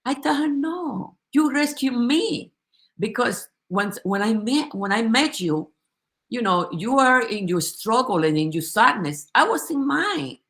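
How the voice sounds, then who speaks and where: A woman's voice: on the high side, sing-song, measured pace, a bit bright. Impassioned woman giving an emotional testimony. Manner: impassioned, emotional, with frequent restarts. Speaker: company supporter giving a testimony. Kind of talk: heartfelt testimonial in a group conversation.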